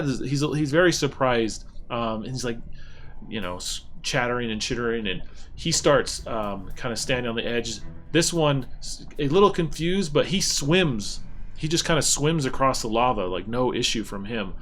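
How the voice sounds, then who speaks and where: A man's voice: medium pitch, fairly bright tone. Man running a tabletop game. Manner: loose, descriptive scene-setting with rules explained in passing. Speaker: game master.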